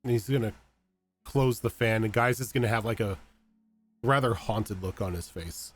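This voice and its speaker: A man's voice: on the low side, normal speed, soft background music. A man playing in a tabletop role-play, describing his character's actions in a hesitant, rambling way. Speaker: player. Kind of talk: casual role-play chat.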